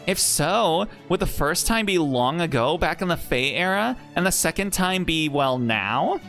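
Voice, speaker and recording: A man's voice: on the high side, animated, a little slow, a bit bright, faint music behind, voice pushed up. A man reading a game aloud and voicing an earnest, curious young woman companion with a questioning lilt.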